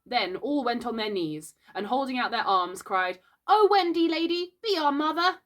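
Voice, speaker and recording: A woman's voice: medium pitch, normal speed, a bit bright, natural voice. A woman reading a storybook aloud and voicing a group of eager young boys who plead and chant together.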